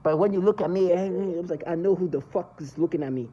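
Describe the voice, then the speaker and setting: A man's voice: high-pitched, fast, warm tone, breathy edge, muffled recording. A man ranting angrily in a monologue to camera, cursing and agitated. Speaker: vlogger.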